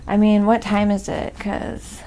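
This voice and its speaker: A woman from Oklahoma with a slight Southern accent, chatting softly on a live painting stream and reading viewer comments aloud. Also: medium pitch, monotone, a little slow, slight background noise. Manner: reads viewer comments aloud, thanks donors. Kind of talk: soft-spoken ASMR live stream chat.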